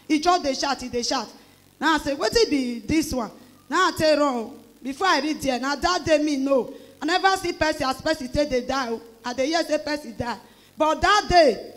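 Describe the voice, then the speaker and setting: A middle-aged woman with a Nigerian Pidgin English accent gives an emotional church testimony, telling her story with animated exclamations and acting out the voices of others. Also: high voice. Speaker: church member giving testimony.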